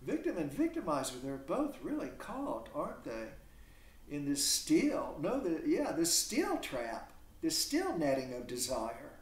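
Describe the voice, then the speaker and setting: Animated male instructor in an echoey classroom. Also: a little high, a little slow, recorded from a distance. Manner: animated, asks rhetorical questions. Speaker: literature instructor. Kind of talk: classroom lecture.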